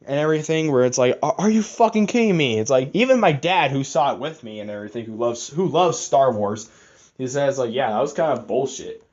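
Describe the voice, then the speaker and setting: A man's voice: mid-range voice, expressive, fairly quick, darkish tone. Rambling, profane young man reviewing a film. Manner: rambling and profane, frequent fillers. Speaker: movie reviewer. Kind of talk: casual spoken review. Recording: slightly muffled lo-fi audio.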